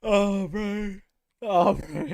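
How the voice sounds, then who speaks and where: A man's voice: sits high, very slow, darkish tone, clear, resonant tone, dry recording. A young man streaming a game, reading in-game text aloud, laughing often and reacting with mock outrage. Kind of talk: casual gaming commentary.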